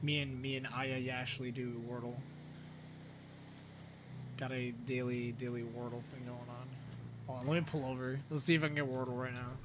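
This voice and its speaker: A man's voice: medium pitch, flat delivery, moderate pace, long pauses, background noise. A man streaming a role-play game, talking to himself, swearing often and swinging between frustration and disbelief. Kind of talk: live game-stream commentary.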